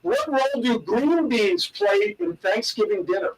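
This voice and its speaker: High-voiced man telling dad jokes. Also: sing-song, measured pace, recorded from a distance, low-quality recording. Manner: playful, self-mocking joke teller. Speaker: co-host. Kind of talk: casual talk show banter telling dad jokes.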